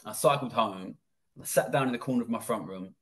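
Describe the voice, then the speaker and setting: A man in his thirties from England, a guest telling his life story in a blunt, profane, animated way. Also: fairly low pitch, fairly quick. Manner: blunt and profane, acting out quoted dialogue. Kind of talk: casual interview storytelling.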